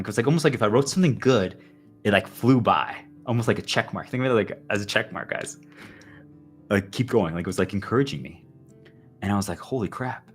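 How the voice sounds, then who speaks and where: A man's voice: on the low side, slightly rough. A man livestreaming a rambling, intense personal monologue, full of repeated fillers. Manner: intense, repetitive, heavy use of "like".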